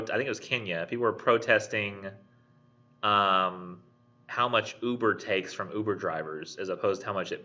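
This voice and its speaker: A man's voice: lowish voice, pushed and bright, lo-fi sound. A man giving a recorded online college lecture, rambling with many fillers and restarts. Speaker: college English instructor.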